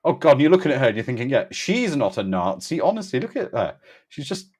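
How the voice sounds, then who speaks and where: A man's voice: mid-range voice, very animated, fast talker, darkish tone, husky. A man making wry, dry jokes in a casual watch-party film commentary. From Britain. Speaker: co-host.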